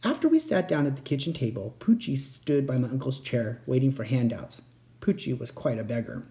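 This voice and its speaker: A man reading a children's chapter book aloud in a lively storytelling way. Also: medium pitch, a little fast. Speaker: audiobook reader. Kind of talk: scripted narration.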